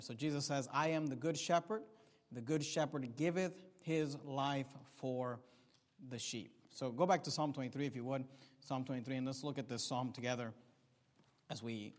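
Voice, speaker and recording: A man preaching a sermon, emphatic, repeating key phrases and rising in volume to stress points. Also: mid-range voice. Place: church sanctuary. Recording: long reverb of a hall.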